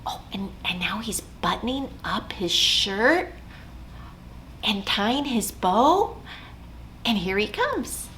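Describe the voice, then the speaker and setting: A woman leading a children's storytime as a librarian, singing songs and chanting rhymes in a slow, sing-song way. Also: mid-range voice, big pitch swings, a bit bright, a little hiss or hum. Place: library program recorded at home.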